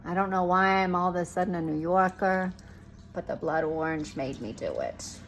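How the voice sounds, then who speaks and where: A woman's voice: lowish voice, animated, moderate pace, slight background noise. A woman hosting a home baking show, chatting playfully to the viewer as she works through a recipe in her kitchen. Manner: chatty and playful, talking to the viewer while working. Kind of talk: casual cooking demonstration.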